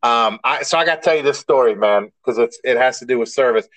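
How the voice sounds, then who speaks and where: A man's voice: medium pitch, fast, fairly bright tone, dry recording, rough recording. A man co-hosting a podcast in casual chat, a rambling storyteller who restarts often and swears mildly. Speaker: podcast co-host.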